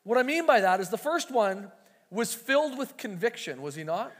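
High-voiced preacher man in a reverberant hall. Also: big pitch swings, normal speed, a bit bright. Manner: conversational, acts out quoted voices. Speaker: pastor. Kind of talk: sermon.

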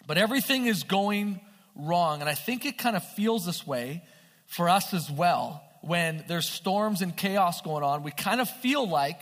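High-voiced man preaching in a reverberant hall. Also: a little slow. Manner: animated, asks the audience questions. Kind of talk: sermon.

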